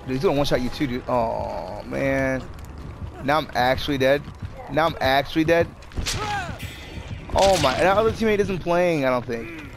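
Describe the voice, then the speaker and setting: A man's voice: mid-range voice, moderate pace, vocal fry, long pauses, background noise. A young man giving casual, exasperated commentary over a game he is playing, swearing often and talking to himself and the game. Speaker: gameplay streamer.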